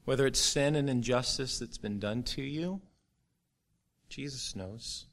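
Middle-aged male pastor, earnest sermon delivery, average pitch. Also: normal speed. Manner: earnest, building to a forceful climax.

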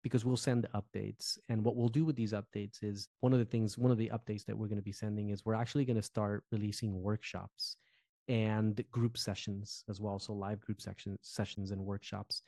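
Man, from New Jersey, podcast co-host, casual animated talk, warm dark tone, dry sound. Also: lowish voice, normal speed, gravelly, no room sound. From Newark, New Jersey. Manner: animated, conversational, fillers like "you know". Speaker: podcast co-host, former pastor.

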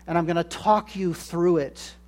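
A man preaching a sermon in a measured way, acting out the voices he quotes. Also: a little high, steady tone, darkish tone. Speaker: pastor.

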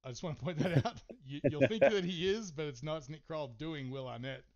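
With a crowd audible behind him, a podcast host speaks briskly in a slightly high voice, telling a rambling story full of swearing and filler words. The audio comes across a bit muffled and dull.

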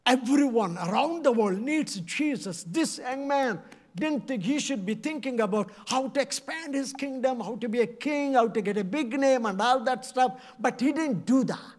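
A man's voice: extremely high pitch, lively intonation, measured pace. A middle-aged man from India, preaching a passionate, pleading sermon full of repeated phrases. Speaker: evangelist preacher.

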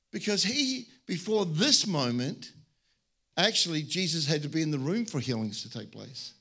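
Animated preacher, fairly high voice. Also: male voice, moderate pace, breathy edge. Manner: animated, joking, storytelling with many restarts. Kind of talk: sermon.

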